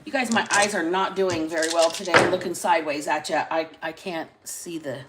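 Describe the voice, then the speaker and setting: A woman hosting a casual live-stream reading into a phone, chatty and salty, stretching out single words between quick asides. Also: on the low side, steady tone, heavy background noise. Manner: chatty, drawls single words then talks fast. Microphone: phone camera.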